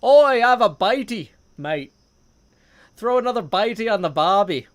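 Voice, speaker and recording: A man's voice: high voice, expressive, moderate pace, pitched above the performer's own voice. A man putting on an exaggerated voice of a cheery, joking Australian bloke during a game stream. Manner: loud, exaggerated impression.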